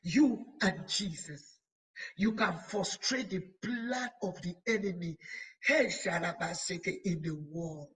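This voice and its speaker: Heard through a rough recording, a woman bishop delivers a sermon in a lowish, slightly bright voice with a breathy edge. She repeats phrases to build emphasis, urging her listeners slowly and deliberately while stretching her words.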